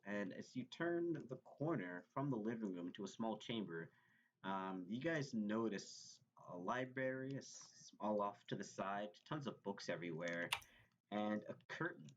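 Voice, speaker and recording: A man with a fairly low voice narrates a tabletop game as its game master. He stops and restarts often, filling the gaps with fillers. The recording sounds dull and lo-fi. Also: animated, a little slow, slight background noise. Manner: hesitant, many fillers and restarts.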